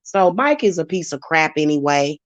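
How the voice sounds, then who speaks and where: A woman's voice: low-pitched, big pitch swings, moderate pace, no room sound. A woman hosting her channel, ranting heatedly and profanely at commenters in a live-stream vlog. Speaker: channel host and spiritual reader. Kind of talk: live-stream rant to viewers.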